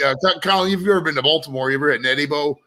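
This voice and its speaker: Man, rapid and bright, animated rambling storyteller. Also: on the high side. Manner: fast, animated storytelling with filler "like". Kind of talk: casual chat.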